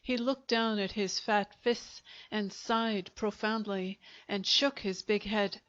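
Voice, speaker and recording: Slow, measured woman narrator. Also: mid-range voice. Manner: measured, even storytelling. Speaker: audiobook narrator. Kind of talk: scripted narration. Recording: dull lo-fi recording.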